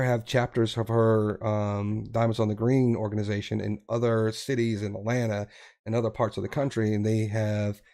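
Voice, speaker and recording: Man, podcast co-host, lowish voice, loose rambling delivery full of ums. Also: darkish tone. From Texas. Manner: rambling, with many fillers and restarts. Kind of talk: casual podcast chat. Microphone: podcast mic.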